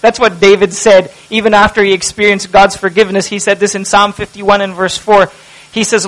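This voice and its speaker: A man with a high, light voice preaches a sermon. He moves from hushed, tender lines to loud, impassioned cries, with a steady preaching pulse. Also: a little fast, low-quality recording. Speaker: pastor.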